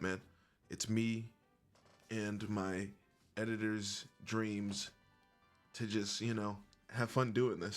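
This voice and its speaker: A man with a fairly low voice chats loosely to his viewers, wandering between jokes and swearing with easy irreverence. He laughs at his own bits as he goes, and soft music plays faintly under him. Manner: rambling, profane and jokey, often laughing. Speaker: YouTuber. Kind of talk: casual vlog chat.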